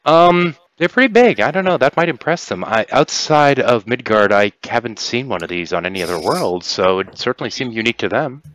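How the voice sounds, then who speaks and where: A man's voice: medium pitch, animated, fairly quick, few pauses, a bit bright, voice pushed up, lightly acted. A man putting on a cagey otherworldly woman. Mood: drawling, offhand. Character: mysterious female stranger from another world.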